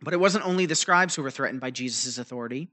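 A man's voice: medium pitch, fast, pushed and bright. A man preaching a teaching sermon, explaining a Bible passage loosely and checking in with his listeners as he goes. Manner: explanatory, checks in with frequent "right?" and "okay?"; loose delivery with fillers and restarts.

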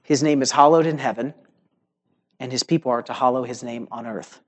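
A man preaching a sermon to a congregation, earnest and emphatic, slowing on key words and checking in with "right?". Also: medium pitch, muffled recording. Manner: earnest preaching with emphatic rising phrases and slow stressed words; uses filler "right?" and "okay?" to the congregation. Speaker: pastor.

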